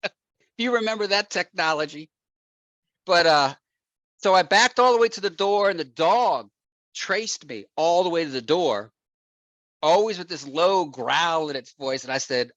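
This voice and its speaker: A man, a real estate investor as guest, telling an animated anecdote with frequent laughs and acted-out quotes. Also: fairly high pitch, no room sound. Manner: laughs often, acts out quotes.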